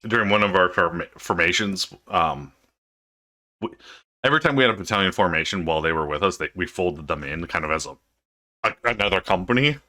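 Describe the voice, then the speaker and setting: A man co-hosts a casual podcast, trading stories in a relaxed way. His voice sits on the low side but rises and falls a lot. The tone is bright and sharp. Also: a little fast. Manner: relaxed, chiming in, recalling stories. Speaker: podcast co-host. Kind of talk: casual chat.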